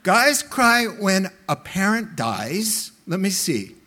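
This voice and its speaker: Middle-aged male pastor, sermon delivery, high bright tone, slow deliberate pacing, emphatic storyteller. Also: sing-song.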